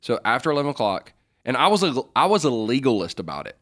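A man's voice: medium pitch, sing-song, fast, a bit bright. A middle-aged man co-hosting a casual faith advice chat, joking and rambling as he answers listener questions. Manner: joking, rambling, self-correcting.

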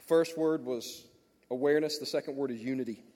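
A man preaching a sermon to pastors, blunt and animated, telling stories to make his point. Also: mid-range voice, brisk, a little hiss or hum. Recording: long reverb of a large hall.

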